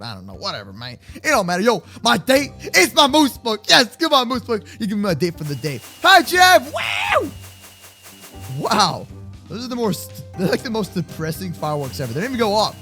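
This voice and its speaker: A man hosting a playful game roleplay, excitable and slangy, often breaking into shouts. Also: high-pitched, fairly quick, faint music behind. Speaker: roleplay video host.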